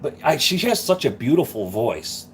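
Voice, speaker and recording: A man's voice: medium pitch, very animated, moderate pace, a little hiss or hum. A man hosting a live stream, chatting casually and rambling through a story. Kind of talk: casual chat.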